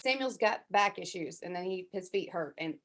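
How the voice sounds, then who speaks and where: A woman's voice: on the low side, lively intonation, moderate pace. A woman chatting casually in a group class, talking with many fillers and acting out what others said. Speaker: class participant. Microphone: headset.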